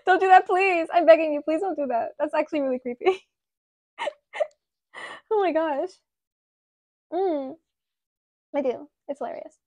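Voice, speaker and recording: A woman's voice: high-pitched, normal speed, pauses often, darkish tone, dry recording. A woman in her late twenties hosting a casual live stream, chatting and giggling with her chat while sculpting clay. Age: 20s. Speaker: livestream host.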